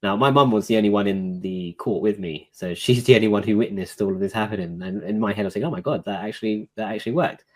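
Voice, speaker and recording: As a guest, a man tells a casual story about a court visit, recounting the dialogue in a relaxed way packed with fillers like "you know." His voice is fairly low, and he talks fast with hardly any pauses.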